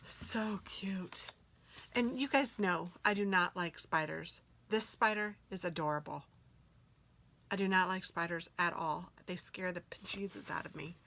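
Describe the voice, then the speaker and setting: A woman gushing excitedly as she unboxes planner stickers for her viewers, often dropping into soft whispers. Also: fairly low pitch, normal speed. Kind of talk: casual unboxing chat.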